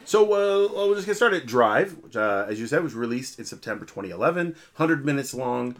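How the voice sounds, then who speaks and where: A man's voice: mid-range voice, lively intonation, normal speed. A man hosting a film podcast, giving box-office figures in a dry, mock-serious way. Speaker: podcast co-host. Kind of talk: casual chat.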